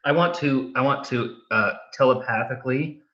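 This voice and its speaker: A man playing a tabletop game chats in a halting, playful way. His voice is bright, and the mic sound is dull. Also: medium pitch. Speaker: player. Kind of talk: casual chat at a game table.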